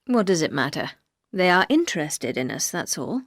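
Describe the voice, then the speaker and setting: A woman voicing a gruff, brooding older aristocratic husband, speaking low, curt and measured. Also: sing-song, no echo, studio quality. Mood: weary.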